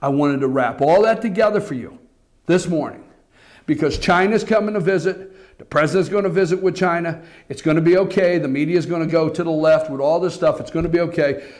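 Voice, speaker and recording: A man hosting a political commentary show, talking to the audience in an animated, repetitive way and calling them folks. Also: a little high, brisk. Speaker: political talk show host. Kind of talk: opinionated commentary.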